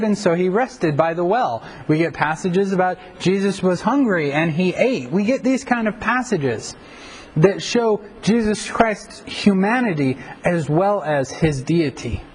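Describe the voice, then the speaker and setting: A man's voice: high voice, slight background noise, poor audio. A male pastor giving a conversational Bible teaching, with frequent fillers and self-corrections.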